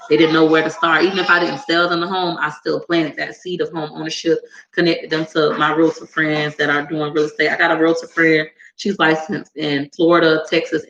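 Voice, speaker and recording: Sassy, gravelly woman chatting to camera. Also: echoey room, highs cut off. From United States. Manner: animated and sassy, jumps into high squeals when acting out others. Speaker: YouTuber answering viewer comments. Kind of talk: casual chat to camera.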